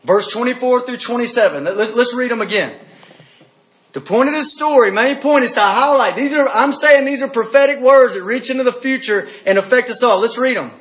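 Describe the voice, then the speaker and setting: A man preaching a sermon, speaking in an animated way, repeating his points and asking listeners direct questions. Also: extremely high pitch, a little fast. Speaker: pastor.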